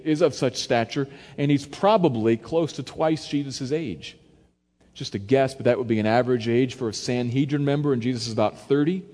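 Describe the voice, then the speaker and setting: Man preaching in a reverberant hall. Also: mid-range voice. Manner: conversational, varies loudness for emphasis, acts out quotes. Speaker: pastor. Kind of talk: expository sermon.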